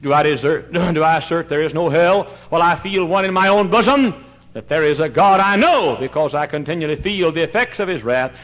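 Preacher guy yelling then going quiet, kinda high voice, muffled old recording. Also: fairly quick. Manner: fiery preaching, swings from shouts to hushed tones. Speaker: pastor. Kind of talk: sermon. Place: church sanctuary. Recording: dull lo-fi recording.

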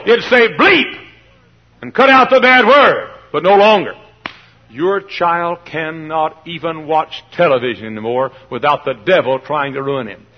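A man preaching a fiery sermon in a church, swinging from hushed pleading to shouting. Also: high voice, husky. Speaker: pastor. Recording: dull lo-fi old sermon recording.

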